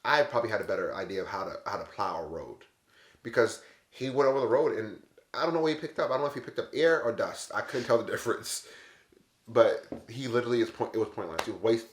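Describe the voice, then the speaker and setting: A man telling travel stories in a casual, animated, exasperated way. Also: lowish voice, fast. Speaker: vlogger. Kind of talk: casual storytelling. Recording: echoey room.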